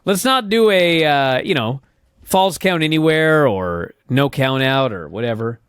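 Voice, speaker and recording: A man co-hosting a casual wrestling recap chat, an animated storyteller who swears often and acts out quotes. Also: fairly high pitch, unhurried, clean tone, no echo. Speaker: podcast co-host.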